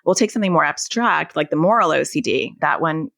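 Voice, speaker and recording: Low gravelly woman therapist explaining. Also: lively intonation, a little fast, a bit bright, dry recording, studio quality. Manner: explanatory, illustrating with everyday family examples. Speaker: anxiety and OCD therapist, guest. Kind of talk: podcast interview, explaining.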